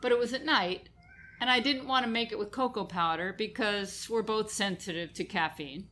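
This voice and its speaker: A woman's voice: medium pitch, normal speed, a bit bright, a little hiss or hum. A woman with a New York accent, hosting a radio food show in casual chat, talking about a recipe and laughing easily. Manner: chatty, laughs easily, lists ingredients. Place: radio studio.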